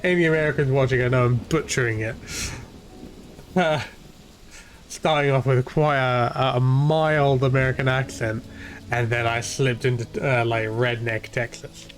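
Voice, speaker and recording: A man's voice: medium pitch, fairly even intonation, measured pace. Chatty man streaming a game. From half Irish, half English. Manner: rambling, chatty, swears casually. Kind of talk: live gameplay commentary.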